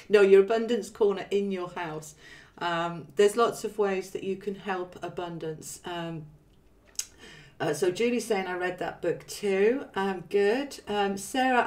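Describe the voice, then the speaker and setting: Woman, live-stream host; chatty, laughs often, earnest when teaching. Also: mid-range voice. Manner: chatty and warm-humoured, laughs often, reads comments aloud. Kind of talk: live-stream chat reading viewer comments.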